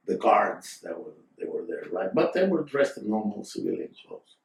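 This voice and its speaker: A man's voice: on the low side, big pitch swings, normal speed, creaky, few pauses. A man casually telling a long story in a rambling, digressive way, with fillers and side remarks, recorded from a distant mic in a roomy space. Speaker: storyteller, guest.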